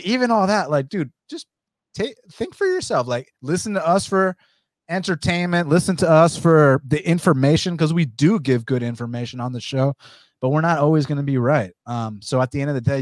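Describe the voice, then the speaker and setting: Profane, animated male podcast host. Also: a little high, normal speed, no room sound. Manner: profane, animated, rambling with many fillers. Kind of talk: casual fight-betting podcast chat.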